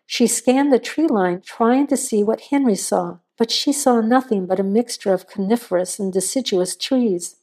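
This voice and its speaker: A woman narrating a suspense story in a measured, suspenseful reading. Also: fairly high pitch, mellow.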